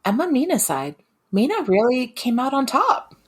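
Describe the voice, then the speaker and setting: A guest on a podcast, reacting to a story in casual chat with wry, expressive remarks. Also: sits high, normal speed, breathy edge.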